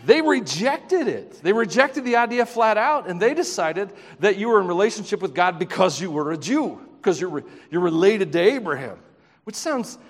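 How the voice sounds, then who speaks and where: A man preaching a sermon as a pastor, swinging from loud emphatic passages to quiet, hushed questions, with self-deprecating asides. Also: high-pitched, animated, moderate pace. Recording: long reverb of a large hall.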